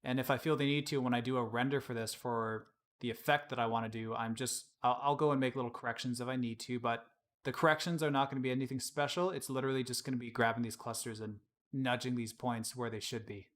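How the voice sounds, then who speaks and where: A man casually explaining his work on a live-streamed software tutorial, chatting and laughing at his own slips. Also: mid-range voice, fairly even intonation, quick pace. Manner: casual, laughs often, self-deprecating.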